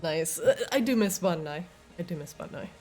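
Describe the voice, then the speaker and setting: A woman runs a tabletop game in casual chat, laughing often and teasing her players. Her voice swings up and down in a lively way. Soft music plays faintly behind her. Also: on the low side, moderate pace. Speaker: game master.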